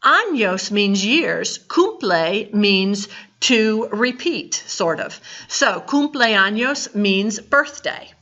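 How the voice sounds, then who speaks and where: A woman teaching a Spanish lesson, explaining slowly and deliberately with playful asides. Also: medium pitch, expressive, fairly bright tone. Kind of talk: recorded classroom lesson. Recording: dull lo-fi recording.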